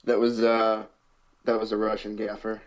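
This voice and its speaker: A man's voice: lowish voice, monotone, normal speed, dull audio. A man co-hosting a podcast, giving short, hesitant replies. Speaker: podcast co-host. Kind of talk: casual chat.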